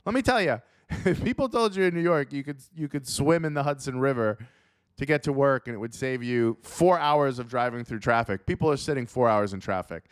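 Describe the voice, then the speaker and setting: A man's voice: mid-range voice, fairly quick, smooth, dry recording, studio quality. A man, a comedian host reading an article and riffing on it while acting out silly characters. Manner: animated, acts out silly characters. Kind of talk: comedic commentary.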